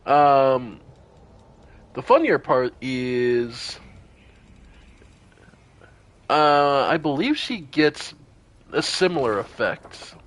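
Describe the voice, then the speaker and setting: Man, mid-pitched voice, relaxed gameplay commentary, thinking out loud, casual swearing. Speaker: streamer.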